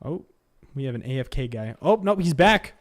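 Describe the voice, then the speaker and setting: A man streaming a shooter game, rambling to his viewers between sudden excited outbursts. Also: medium pitch, normal speed, a little hiss or hum. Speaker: gaming streamer. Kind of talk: live gameplay commentary chatting to viewers.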